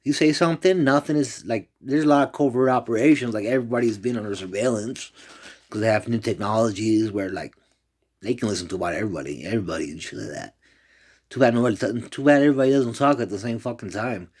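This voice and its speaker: A man's voice: medium pitch, fast, darkish tone, slightly rough. A man rambling in a loose, profane monologue, jumping from one complaint to the next.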